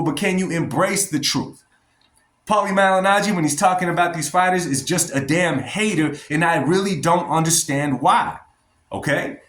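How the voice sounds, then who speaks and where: A man's voice: fairly high pitch, a bit bright. A man giving blunt, emphatic opinions in a commentary vlog, talking straight to his viewers. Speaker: boxing vlogger. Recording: roomy echo.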